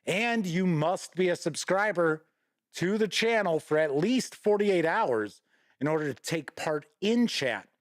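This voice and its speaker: A man's voice: fairly high pitch, fairly bright tone, no room sound, clean studio sound. A man hosting a live-streamed gaming news show, chatty and folksy, greeting viewers by name and reading out news. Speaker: host.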